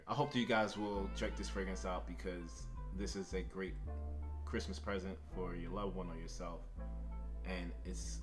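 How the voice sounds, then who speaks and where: A man giving a casual fragrance review in a laid-back, drawn-out manner, sighing now and then. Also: low voice, fairly bright tone. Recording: music playing behind the voice.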